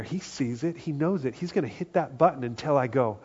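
A man preaching a conversational sermon, acting out quoted voices and often dropping to a hushed tone. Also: mid-range voice, expressive, normal speed, few pauses, husky. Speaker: pastor. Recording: dull lo-fi sound.

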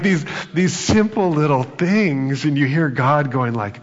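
A man's voice: mid-range voice, animated, moderate pace. A man delivering a sermon in a conversational way, acting out quoted lines with bursts of humor. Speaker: pastor. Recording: reverberant hall, dull sound.

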